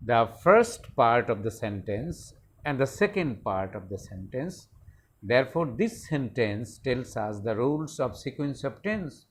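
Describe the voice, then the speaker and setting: A man explains English grammar rules to his students. He talks at a very unhurried pace and keeps repeating key words as he works through each example. His voice sits at an ordinary, mid-level pitch. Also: sing-song, slightly rough. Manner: deliberate, repeats words and phrases while explaining. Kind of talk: slow explanatory lesson.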